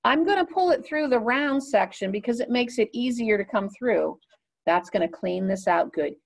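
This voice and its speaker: A woman's voice: fairly high pitch, expressive, normal speed, creaky. A woman giving a clarinet lesson, explaining each step patiently while she demonstrates. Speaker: clarinet teacher.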